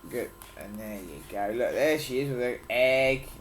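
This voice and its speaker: A man's voice: medium pitch, expressive, unhurried, slight background noise. A father reading a picture book aloud to his children at home, playfully explaining words and pointing at the pictures.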